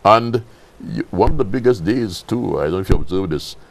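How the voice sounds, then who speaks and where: Saint lucian guy on a talk show, real low voice, steady and upbeat about his event. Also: brisk, gravelly.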